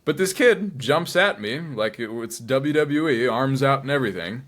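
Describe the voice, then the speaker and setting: A man guest telling a story with dramatic flair, dropping into hushed asides for his inner voice. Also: mid-range voice, lively intonation, normal speed. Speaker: cosplayer guest. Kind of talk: animated storytelling.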